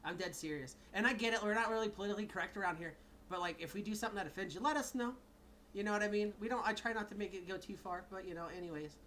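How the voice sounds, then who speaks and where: A man's voice: high-pitched, rapid-fire, fairly bright tone, slight background noise. A man co-hosting a podcast in casual chat, rambling and swearing, laughing often. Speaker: podcast co-host.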